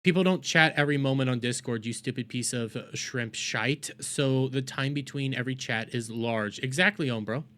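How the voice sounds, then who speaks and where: A young man reacting to a video from his home at night, exasperated and fuming. He rants and swears, loops back over the same complaint, and keeps bursting out loudly. His voice sits at an ordinary middle pitch for a man. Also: moderate pace, few pauses. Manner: ranting, swears, repeats himself, bursts into loud outbursts. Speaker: reaction channel host.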